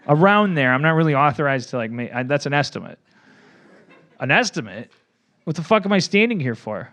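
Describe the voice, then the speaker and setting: A man telling a long improvised joke on a comedy podcast, halting, breaking off and laughing as he goes. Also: medium pitch, lively intonation, a bit bright. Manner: halting, self-interrupting, laughing.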